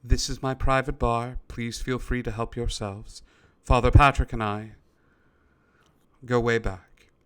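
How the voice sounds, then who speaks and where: A man's voice: medium pitch, level tone, measured pace, a bit bright, smooth, lightly acted. A man voicing cool, guarded Medusa. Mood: welcoming. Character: composed, guarded female bar owner, Medusa. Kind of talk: tabletop role-play narration.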